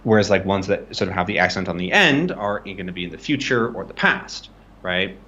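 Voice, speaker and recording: Guy tutoring on a stream, kinda low voice, keeps saying "right?", sound a bit muffled. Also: expressive, fairly quick, bright, forceful tone, slight background noise. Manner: explains loosely, checks in with frequent "right?". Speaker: language tutor. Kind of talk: casual live-streamed lesson.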